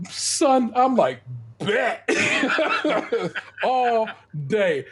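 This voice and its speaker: A man's voice: very high-pitched, big pitch swings, extremely slow, fairly bright tone, slightly rough. A middle-aged man on a podcast, casually telling a profane story and acting out the people in it. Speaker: podcast co-host.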